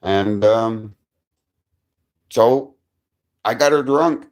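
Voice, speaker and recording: A man's voice: lowish voice, extremely slow, a little mellow. A man telling a rambling personal story on a live stream, swearing constantly and restarting his sentences.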